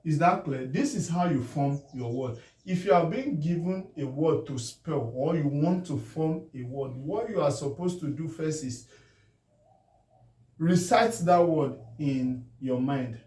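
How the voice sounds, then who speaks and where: A man with a Nigerian English accent gives a spelling lesson, slowly stretching words into syllables and checking whether it is clear. His voice sits a bit high but sounds mellow. It is heard from a distance in an echoey room. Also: animated. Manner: checks in often, asking if it is clear; drawn-out syllable-by-syllable pronunciation. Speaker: teacher.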